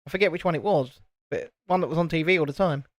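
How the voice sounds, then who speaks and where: A man's voice: fairly high pitch, quick pace, dry recording, studio quality. A man chatting casually and joking as co-host of a live stream. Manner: joking, rambling. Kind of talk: casual chat.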